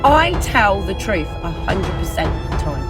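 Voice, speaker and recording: Insistent woman over loud music. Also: lowish voice, sing-song, normal speed. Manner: insistent, repeating herself.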